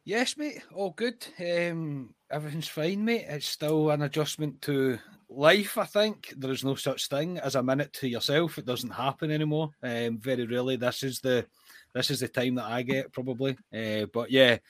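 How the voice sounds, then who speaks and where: A man chatting casually as a regular co-host on a podcast, relaxed and easygoing. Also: medium pitch, moderate pace, dry recording.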